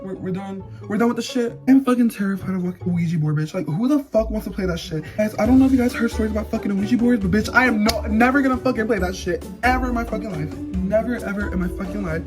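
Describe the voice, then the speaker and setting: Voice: mid-range voice, fast talker, hardly any pauses. A foul-mouthed host rants and swears nonstop, with a mid-range voice. Music plays behind the talk. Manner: loud, ranting, constant swearing. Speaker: reaction video host. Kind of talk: profane casual reaction commentary.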